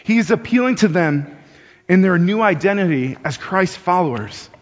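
High-voiced man preaching in an echoing hall. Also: lively intonation, normal speed. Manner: conversational, repeats words, rises when acting out urgent appeals. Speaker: pastor. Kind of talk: sermon. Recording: dull sound with long hall reverb.

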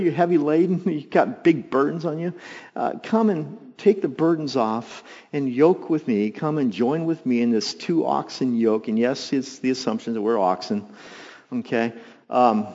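In this sermon, a male pastor narrates with lively asides, performing the people in the story through sudden leaps in pitch and loudness. His animated delivery echoes with a long hall reverb, captured in dull lo-fi sound.

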